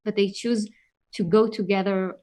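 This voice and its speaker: A woman co-hosting a casual podcast chat, speaking in an earnest, measured way. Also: medium pitch, steady tone, dark tone. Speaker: podcast co-host.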